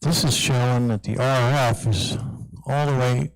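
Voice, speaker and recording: A man's voice: medium pitch, steady tone, a little slow, rough recording. Man doing a casual mic check. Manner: chatty, asks the room questions. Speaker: person running a sound check. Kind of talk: casual sound check chat. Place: church sanctuary. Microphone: handheld mic, held at varying distances.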